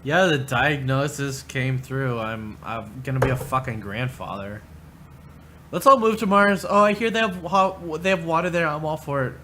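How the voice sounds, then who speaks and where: A man's voice: on the high side, expressive, normal speed, pushed and bright, a little hiss or hum. A man hosting a livestream, commenting casually with profane, sarcastic remarks. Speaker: livestream host.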